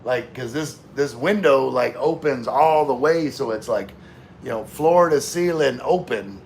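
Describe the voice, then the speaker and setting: A man reading viewer comments on a casual live stream, rambling and relaxed while drinking with his chat. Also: mid-range voice, unhurried, vocal fry, slight background noise. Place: room with floor-to-ceiling window.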